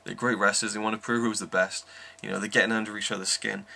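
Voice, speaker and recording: A man's voice: lowish voice, level tone, fast talker, gravelly, bright, forceful tone. A man giving an enthusiastic, rambling wrestling review, full of ums. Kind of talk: casual review monologue.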